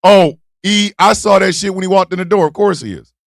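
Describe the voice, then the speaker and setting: A man hosting a live stream, talking loud and profane and laughing often. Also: high voice, a little fast, vocal fry, no room sound, clean studio sound.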